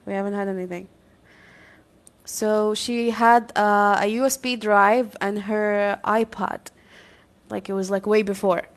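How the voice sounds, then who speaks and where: A woman guest on a live chat, telling a story in a lively way, acting out the quotes and laughing often. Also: medium pitch, unhurried. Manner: animated, acts out quoted dialogue, laughs often.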